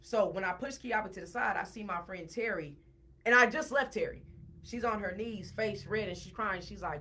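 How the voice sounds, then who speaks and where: A woman guest on a podcast, telling a personal story in a casual, animated way and repeating words when she gets worked up. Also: mid-range voice, moderate pace, a little hiss or hum.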